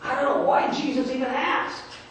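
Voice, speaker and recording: Male pastor doing a sneering merchant in a sermon monologue, very high-pitched, sarcastic, echoey church from far off, faint hiss. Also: fairly even intonation, normal speed, fairly bright tone. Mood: mocking. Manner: sarcastic, dismissive storytelling. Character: scornful male merchant at the roadside, grumbling about beggars. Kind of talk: first-person dramatic sermon monologue. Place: church sanctuary. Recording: echoey church from a distant mic.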